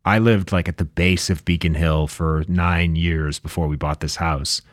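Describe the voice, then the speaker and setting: A man's voice: low-pitched, fairly even intonation, moderate pace, no room sound, clean studio sound. A man co-hosting a podcast, chatting casually in a wry, offhand way. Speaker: podcast co-host. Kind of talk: casual comedic chat.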